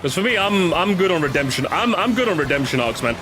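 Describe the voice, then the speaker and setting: Talking fast in a slightly high, expressive voice, a young man streams a game and chats loosely with viewers. It's casual gaming commentary full of rambling and free swearing, with game music in the background.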